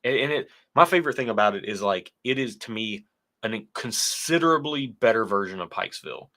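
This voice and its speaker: Bright-voiced chatty man hosting a tasting. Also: on the low side, lively intonation, a little fast. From United States. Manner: chatty, reads viewer comments aloud. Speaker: whiskey show co-host. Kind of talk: casual livestream tasting chat.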